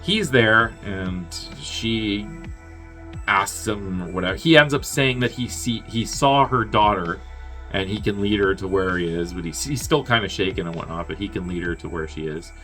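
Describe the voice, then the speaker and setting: A man's voice: on the low side, moderate pace, bright, forceful tone, soft background music. A man casually recapping a film's plot as a reviewer, rambling and profane, with chuckling asides. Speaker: movie reviewer.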